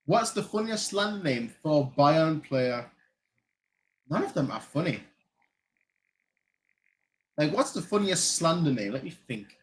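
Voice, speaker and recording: A man's voice: a little high, sing-song, measured pace, pauses often, slight background noise, rough recording. A man from Germany hosting a fan channel, chatting casually during a live match watchalong, rambling and repeating himself with lots of "like". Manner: rambling, repeats phrases, frequent "like". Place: lives in Manchester.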